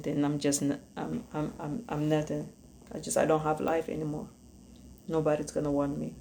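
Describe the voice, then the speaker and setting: Hosting a podcast, a woman from Ethiopia offers sincere personal testimony, pausing haltingly while she looks for the right words. Her Ethiopian-accented voice is low, steady, and gravelly with fry, and faint noise lingers behind it.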